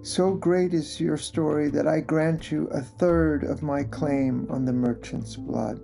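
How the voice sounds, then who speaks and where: A storyteller voicing a stern male genie who speaks in a slow, grave way. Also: medium pitch, steady tone, gravelly, music in the background. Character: stern male genie holding a merchant's fate.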